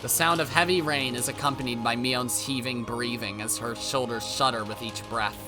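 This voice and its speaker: A man's voice: mid-range voice, fairly even intonation, normal speed. A man reading a visual novel aloud, with brief side remarks of his own. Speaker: let's-play narrator. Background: game music.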